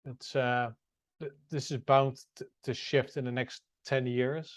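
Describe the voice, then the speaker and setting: A male podcast co-host on a video call, explaining things in a relaxed, casual way. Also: mid-range voice, unhurried, no echo. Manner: relaxed explaining, laughs often.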